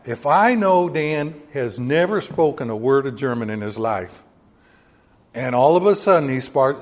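Preaching a Bible sermon in church, a man is folksy and full of jokes, hitting key words with sudden emphasis. His mid-pitched voice rings out through a long hall reverb.

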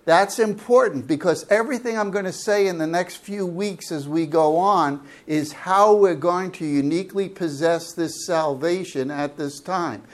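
A man preaching a sermon, asking the congregation questions and explaining Greek words with slow, drawn-out emphasis. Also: sits high. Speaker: pastor. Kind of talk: sermon Bible teaching.

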